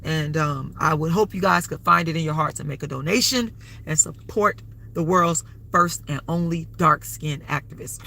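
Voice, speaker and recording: This livestream host talks in a loose, meandering way and keeps plugging donations throughout. She has a deep voice with vocal fry, pushed and bright, and a moderate pace.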